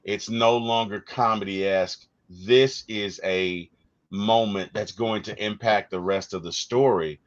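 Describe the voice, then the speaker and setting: A man co-hosting a casual movie discussion, telling stories with animated energy and acting out quotes. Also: lowish voice, unhurried, lo-fi sound. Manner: animated storyteller, acts out quotes. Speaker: podcast co-host.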